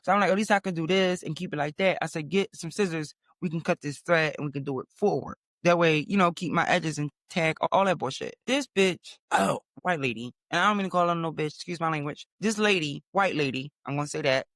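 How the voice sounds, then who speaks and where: High-voiced man telling a profane story. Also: fairly quick, hardly any pauses, dry recording, studio quality. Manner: animated, profane, dramatic storytelling. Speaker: podcast host. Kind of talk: storytelling monologue.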